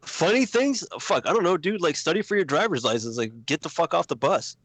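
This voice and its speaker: A man's voice: fairly high pitch, animated, brisk, fairly bright tone, a little hiss or hum. A man co-hosting a casual comedy podcast, laid-back and sarcastic, swearing casually.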